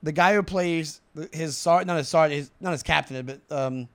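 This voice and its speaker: A man's voice: a little high, normal speed, clean tone. Rambling male podcast co-host. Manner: rambling, self-correcting, enthusiastic. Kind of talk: casual comedy podcast chat.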